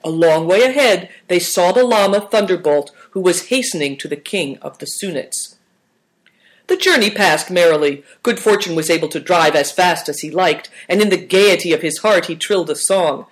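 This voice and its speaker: Woman narrator, lowish voice, calm storybook reading. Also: moderate pace.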